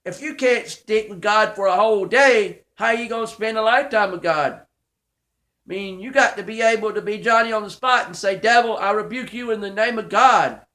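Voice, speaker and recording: A man's voice: high-pitched, bright, forceful tone. A man preaching an informal online sermon from his small office church, folksy and fervent, talking straight to his critics.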